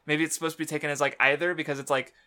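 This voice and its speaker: A man's voice: fairly high pitch, level tone, racing, over a noisy crowd. A man in casual podcast chat about a manga, rambling with lots of fillers, laughing often and swearing now and then. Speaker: podcast co-host.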